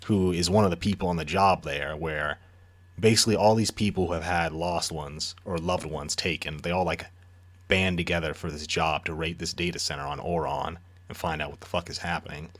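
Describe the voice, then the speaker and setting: Deep-voiced man casually recapping a book. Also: fairly even intonation, brisk, a bit bright. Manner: loose and profane, recapping plot casually. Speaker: podcast co-host. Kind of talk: casual book discussion chat.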